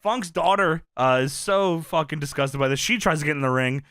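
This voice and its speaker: A man casually recapping an old wrestling show, swearing freely, laughing often and loudly acting out the quotes. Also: on the high side, brisk, dry recording. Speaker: podcast co-host recapping wrestling.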